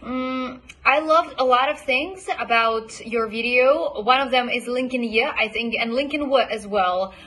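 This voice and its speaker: A woman coach giving recorded feedback on a student's homework, praising them and modeling words by repeating them slowly. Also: a little high, fairly bright tone, slightly rough. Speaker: accent coach.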